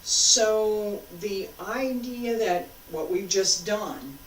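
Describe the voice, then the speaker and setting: A woman's voice: medium pitch, drawn-out words, slight background noise. A woman martial arts instructor talking a class through moves, patiently cueing each step as she demonstrates. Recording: roomy sound, mic far off.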